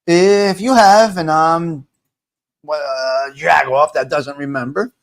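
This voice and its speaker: A man's voice: a little high, fairly even intonation, takes it slowly. Rambling man chatting on a livestream. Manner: rambling, repeats himself, talks back to chat comments. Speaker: livestream host reading viewer comments. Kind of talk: casual livestream chat.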